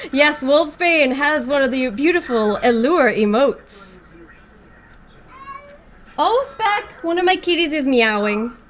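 Female game streamer, very high voice, slow and drawn-out delivery, exclaims a lot while playing and chats to viewers. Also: lively intonation. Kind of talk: excited live-stream commentary.

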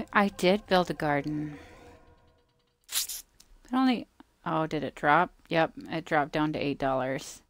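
A female gameplay creator talks casually to the game's creatures, mock-scolding them and slipping into murmurs. Her low-pitched voice is slow and full of pauses.

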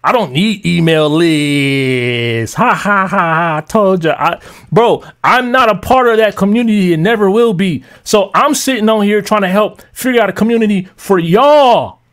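A man's voice: high voice, normal speed, few pauses, fairly bright tone. A man ranting on a live stream to his chat as a music producer, heated, mocking and profane.

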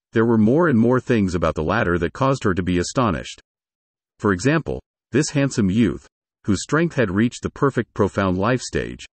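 Low husky male story narrator. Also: dry recording. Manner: steady storytelling.

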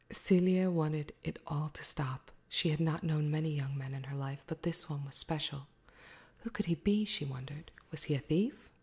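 Brief: soft-spoken ASMR reader, woman, low and mellow, hushed delivery. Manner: slow, hushed, drifting into whisper. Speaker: ASMR storyteller.

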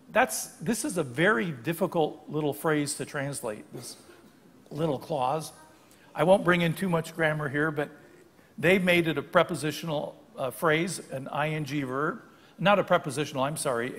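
An older guest preacher explains scripture in a church sanctuary with conversational, explanatory preaching and small self-corrections here and there. His voice is fairly high and fairly bright, with a breathy edge and a long reverb tail.

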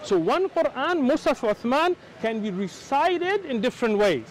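A man's voice: very high-pitched, sing-song, normal speed, poor audio. Insistent American man debating outdoors. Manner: insistent, lecturing, talks over the other man. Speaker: Muslim debater. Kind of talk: heated street debate.

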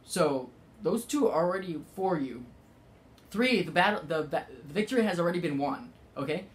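A man giving a casual spiritual talk, rambling with many fillers and halting restarts. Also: fairly high pitch, animated. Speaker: spiritual vlogger.

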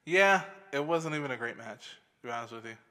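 Male podcast co-host, mid-pitched, casual and profane, with a long room reverb. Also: animated, fast talker, pushed and bright. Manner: loose, swears often, laughs a lot. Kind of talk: casual chat.

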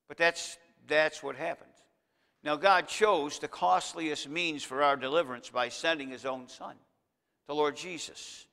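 A man's voice: on the high side, steady tone, a little slow, sharp tone. A man preaching a sermon as pastor, speaking straight to his congregation and building to emphatic peaks. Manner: preaching with rising emphasis, addressing the congregation directly. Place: church sanctuary. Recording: long church reverb.

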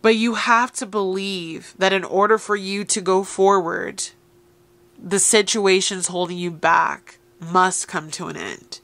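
A woman's voice: mid-range voice, steady tone, unhurried, fairly bright tone, dry recording. A woman giving an encouraging tarot reading, speaking straight to her listeners. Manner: encouraging, addresses listeners directly. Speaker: tarot reader. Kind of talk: tarot reading addressed to viewers.

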